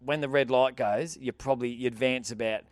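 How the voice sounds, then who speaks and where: A man's voice: mid-range voice, a little fast, dry recording. Laughing Australian man telling a story. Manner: animated storyteller, laughs often, acts out quotes. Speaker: podcast co-host. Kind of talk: casual chat, storytelling.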